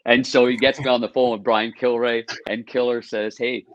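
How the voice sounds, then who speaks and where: A middle-aged man, a former hockey goalie, telling lively anecdotes on a podcast and acting out quotes. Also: mid-range voice, moderate pace, no echo, lo-fi sound. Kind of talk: casual storytelling.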